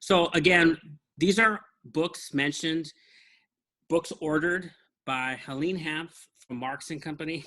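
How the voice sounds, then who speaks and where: A man hosting a podcast, chatting in a relaxed, thoughtful way about books he shows to a co-host. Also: a little high, slow pace. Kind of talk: casual book chat.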